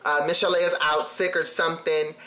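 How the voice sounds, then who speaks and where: A man giving a sassy, animated, slang-heavy casual review of a TV episode. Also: a little high, brisk. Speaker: TV recap vlogger. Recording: echoey room.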